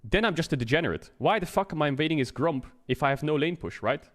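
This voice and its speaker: A man's voice: on the high side, lively intonation, fast talker. Man ranting casually, always asking "right?". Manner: conversational, keeps checking in with "right?", swears casually. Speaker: streamer and game analyst. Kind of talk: casual explanatory rant on stream.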